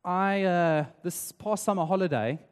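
Pastor, male, raised in South Africa; high-pitched, conversational sermon delivery, long reverb of a church hall. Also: unhurried, clear, resonant tone. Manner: conversational, tag questions like "right?".

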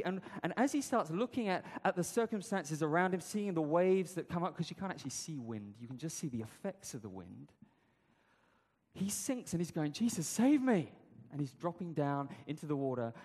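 A man's voice: a little high, long reverb tail. A man preaching a sermon, telling the story conversationally with rhetorical questions.

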